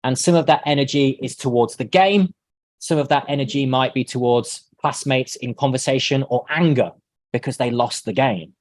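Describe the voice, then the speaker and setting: A man leading an online teacher-training workshop, explaining in a relaxed way and acting out sample lines. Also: mid-range voice, moderate pace, no echo.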